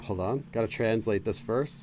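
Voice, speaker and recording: A man's voice: lowish voice, normal speed, darkish tone, a little hiss or hum. A man hosting a casual let's-play, translating game dialogue aloud and laughing as he loses his train of thought. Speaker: gaming channel host.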